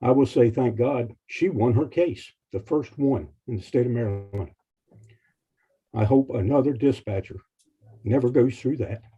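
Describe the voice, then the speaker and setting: Guy testifying at a hearing, choked up, really dark husky voice, dull lo-fi stream. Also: medium pitch. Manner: emotional, halting, earnest. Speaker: committee chairman of a firefighters' association, testifying. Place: legislative hearing room.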